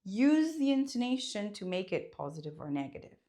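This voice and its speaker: Lively Italian-accented woman teaching. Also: mid-range voice, a little fast. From Italy. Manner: expressive, emphatic, demonstrates intonation. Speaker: language teacher. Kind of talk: online language lesson.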